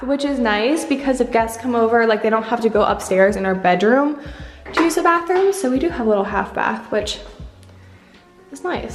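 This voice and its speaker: A young woman with a slightly high voice walks through an empty apartment with a handheld camera, chatting casually and peppering her talk with "like." She sounds upbeat and a little out of breath. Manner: chatty, uses "like" often, upbeat. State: a bit out of breath. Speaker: vlogger. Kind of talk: casual home tour vlog. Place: empty apartment with bare rooms, indoors.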